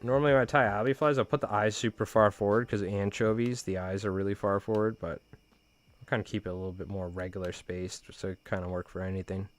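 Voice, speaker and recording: A man chats through a live fly tying stream in a relaxed, slangy way. His voice sits a little low, and faint music plays under his talk. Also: fast talker. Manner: casual, slangy, chatty. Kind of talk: live-stream chat while tying flies.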